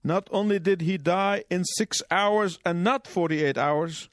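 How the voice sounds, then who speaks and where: A man preaching a sermon in measured, emphatic phrases, pausing for his interpreter. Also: high voice, no echo, studio quality.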